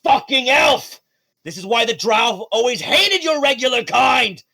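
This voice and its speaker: A man's voice: very high-pitched, animated, unhurried, sharp tone, voice pushed up, heavily acted. Man playing a raised, snarling drow villain, hateful and insulting. Game villain. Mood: furious.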